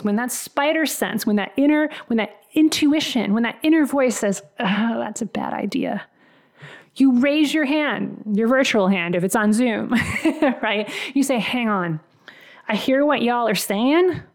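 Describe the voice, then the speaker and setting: Woman, career coach, podcast monologue; earnest, emphatic, mid-range pitch, slips into quoted dialogue.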